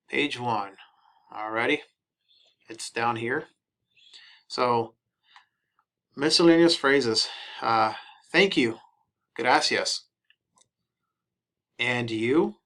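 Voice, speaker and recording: A man giving a casual lesson, reading each English phrase and then repeating the Spanish slowly. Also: medium pitch, pushed and bright.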